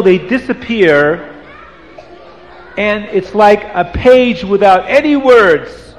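High-pitched man telling a moral story. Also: expressive, takes it slowly, long reverb tail, a little hiss or hum. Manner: hushes listeners, swings between soft and emphatic.

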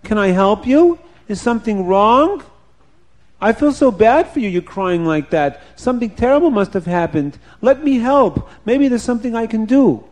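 A man voicing a kind young boy who speaks gently and earnestly, eager to help. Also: high voice, sing-song, normal speed, pitched above the performer's own voice. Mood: concerned.

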